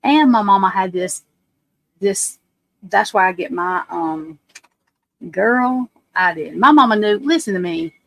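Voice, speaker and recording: A woman's voice: mid-range voice, animated, a little slow, vocal fry, long pauses, muffled recording. A woman, hosting a livestream and telling rambling, blunt, profane stories as she talks to her viewers. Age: 40s. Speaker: livestream host. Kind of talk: casual chat on a livestream.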